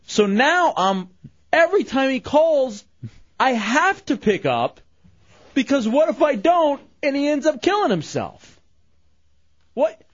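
A man hosting a call-in radio show, telling stories in an animated way. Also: extremely high pitch, takes it slowly, long pauses, no echo. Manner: animated, storytelling. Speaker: radio host. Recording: dull lo-fi radio broadcast.

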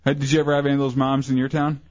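Brief: male co-host, mid-pitch, crude and teasing, dull lo-fi sound. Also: flat delivery, very fast, a little mellow. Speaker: radio co-host. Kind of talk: casual radio banter.

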